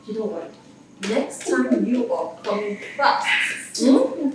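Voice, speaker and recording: A woman's voice: fairly high pitch, expressive, background noise. An actress playing a doting, gushing mother with a Nigerian accent in a film drama. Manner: gushing, slow. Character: doting proud mother praising her daughter. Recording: distant, very echoey, with crowd.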